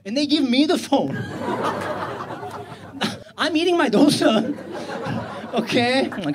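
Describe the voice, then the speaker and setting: A man from India doing a stand-up comedy set, animated and acting out the people in his stories. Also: sits high. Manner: animated, acts out callers in quick voices. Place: comedy club with live audience. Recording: live club audience laughing.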